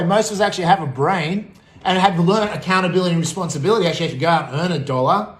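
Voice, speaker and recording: A man's voice: high voice, rapid-fire. Profane, combative Australian man in an echoey room. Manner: profane, combative, swinging between shouting and muttering. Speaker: vlogger. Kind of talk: angry political rant.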